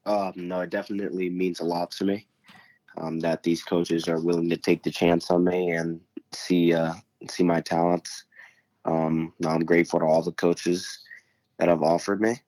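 A teenage boy with a very deep voice answers interview questions, polite and a little hesitant with frequent "um"s. His delivery stays flat and even, and the sound is dry. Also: normal speed, no room sound. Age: teens. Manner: polite, hesitant, many "um"s, says "sir". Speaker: guest, high school quarterback.

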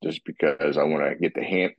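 Very deep husky man, rambling. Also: steady tone, fairly quick, no echo, dull audio. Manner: rambling, with repeated restarts and throat clearing. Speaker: guest describing his workout. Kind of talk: casual podcast talk.

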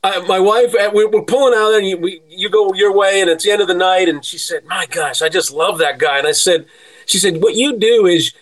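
A middle-aged sports agent telling lively stories in casual chat, laughing often. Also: male voice, high-pitched, fairly quick, low-quality recording. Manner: animated storyteller, laughs often.

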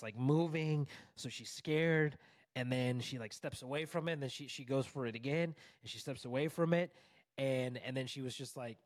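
A man in his thirties, a coach, telling a personal story in a casual interview, animated and conversational with lots of "like" and "bro". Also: on the high side, no room sound, clean studio sound. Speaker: divorce recovery coach, podcast guest.

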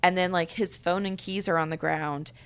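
A woman's voice: fairly low pitch, normal speed, clear, resonant tone. A woman co-hosting a book podcast, ranting in casual chat full of "like" and swearing. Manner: animated, profane ranting with lots of "like". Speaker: podcast co-host reviewing a book.

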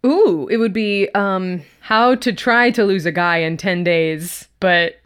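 A woman's voice: mid-range voice, takes it slowly, clean tone. A woman co-hosting a casual podcast chat, teasing and playful as she reads listener letters aloud. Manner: playful, teasing, animated reading. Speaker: podcast co-host.

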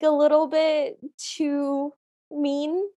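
A woman with a high voice co-hosting a podcast. She talks casually and frankly and says plainly what she does not like. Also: flat delivery, extremely slow, warm tone. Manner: frank and opinionated, states her dislikes plainly. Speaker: podcast co-host. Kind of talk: casual chat.

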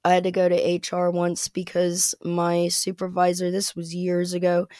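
A woman's voice: fairly low pitch, monotone, moderate pace, warm tone, no echo. Chatty American woman, dry sound. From United States. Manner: chatty, rambling, with frequent fillers and laughs. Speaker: podcast guest. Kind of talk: casual interview chat.

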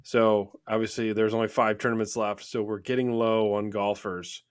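A man's voice: on the low side, level tone, normal speed, clear, resonant tone. A man co-hosting a casual podcast, chatting in a joking, profane manner. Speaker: podcast co-host. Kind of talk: casual chat.

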